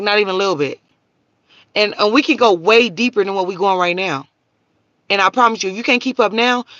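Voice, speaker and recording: A woman holds forth on her livestream, blunt and profane, lecturing the viewers who comment. Her voice is bright and forceful, close and dry, with dull lo-fi stream audio. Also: mid-range voice, no echo. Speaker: livestream host. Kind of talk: casual livestream rant.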